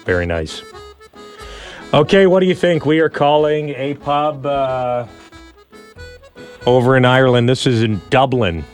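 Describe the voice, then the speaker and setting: A man's voice: medium pitch, lively intonation, unhurried, pauses often, faint music behind. A man co-hosting a talk show, running a call-in segment in an upbeat way. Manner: upbeat, game-show style. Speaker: radio co-host. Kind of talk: casual chat.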